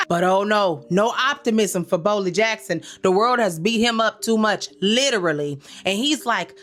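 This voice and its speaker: A woman's voice: mid-range voice, normal speed, few pauses. A woman hosting a comedic recap commentary, sassy and slangy, talking straight to her listeners and scolding the characters. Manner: animated, sassy, talks back to characters in quoted asides; slangy, addresses listeners as y'all.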